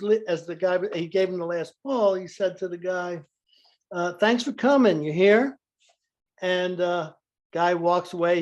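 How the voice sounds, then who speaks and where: Man telling warm anecdotes with laughter. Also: sits high, muffled recording. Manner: laughs through anecdotes, acts out quotes. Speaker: guest speaker. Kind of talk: storytelling in a group video session.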